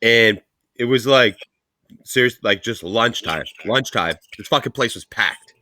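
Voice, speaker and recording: A man with a sharp, bright voice talks animatedly in a casual podcast chat. He swears freely and repeats words for emphasis. His pitch is middle range. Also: animated, a little slow, no room sound.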